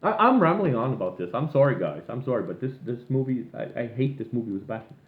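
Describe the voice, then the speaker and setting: A man's voice: medium pitch, animated, quick pace. A man ranting casually and at length, rambling and swearing as he goes. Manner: rambling, profane, exasperated. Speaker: vlogger. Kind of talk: casual rant. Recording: echoey room, tinny phone-like sound.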